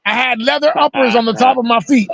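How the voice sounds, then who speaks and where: A man hosting a casual video call, telling stories in an animated, profane way. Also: extremely high pitch, fast. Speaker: host. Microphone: video call mic.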